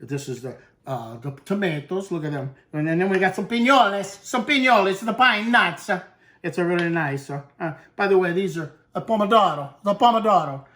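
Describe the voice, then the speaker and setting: A man's voice: high-pitched, lively intonation, fairly quick, a bit bright. A man hosting a cooking show, chatting casually to the viewer as he demonstrates a recipe and drops in Italian food words.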